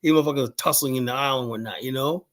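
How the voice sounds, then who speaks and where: A man's voice: medium pitch, rapid-fire. A man from the United States hosting a casual chat, telling stories with lots of profanity and acted-out quotes. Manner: profane, animated storytelling with quoted voices.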